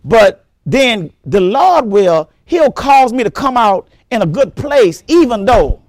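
Male pastor, high voice, lively swoops, emphatic repeated phrasing, dry sound. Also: slow, no echo. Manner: emphatic preaching, repeats words, breaks into shouts. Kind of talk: sermon.

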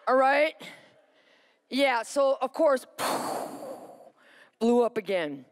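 A woman preaches a sermon by telling her own story with lively energy. She acts out the thoughts she had along the way. She keeps calling to the listeners for an answer. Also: high voice, extremely slow. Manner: asks the audience for responses. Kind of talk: sermon with personal testimony.

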